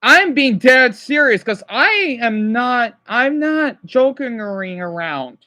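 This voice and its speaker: High-voiced, exasperated young man ranting. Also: expressive, takes it slowly, sharp tone. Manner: agitated, exasperated scolding; tired, sighing. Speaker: livestreamer. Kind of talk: livestream rant to chat.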